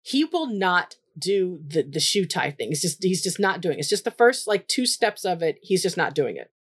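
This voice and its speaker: A woman's voice: on the low side, very animated, normal speed, breathy edge. A woman quoting a frustrated female colleague, in a lightly voiced, exasperated and repetitive way. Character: frustrated female therapy worker, adult.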